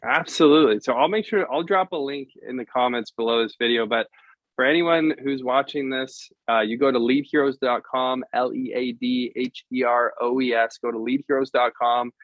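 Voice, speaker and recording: A man of middle pitch on a video call, pitching his service in an upbeat, salesy way. The sound is dry and dull, with a lo-fi edge and no room echo. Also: normal speed. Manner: upbeat sales pitch, spells out web addresses. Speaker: lead vendor guest. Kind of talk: casual video interview.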